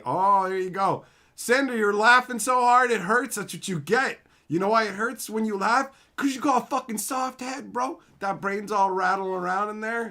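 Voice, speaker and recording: A man hosting a casual livestream, reading viewer comments and joking boastfully, calling viewers bro and son and swearing freely. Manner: lively swings in pitch and loudness, mock shouting. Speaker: livestream host.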